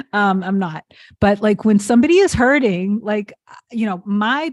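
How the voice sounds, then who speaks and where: A woman hosting a live question-and-answer stream as a spiritual coach, talking casually with lots of "like" fillers and slowing down to stress points. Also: medium pitch, no room sound, clean studio sound. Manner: warm, chatty, frequent laughs and "like" fillers. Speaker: manifestation coach hosting a livestream.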